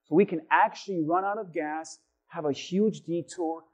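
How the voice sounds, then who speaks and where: A man preaching a sermon as a pastor, telling a personal story with lively, animated delivery. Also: on the high side, moderate pace, highs cut off. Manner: animated, acts out voices in anecdotes.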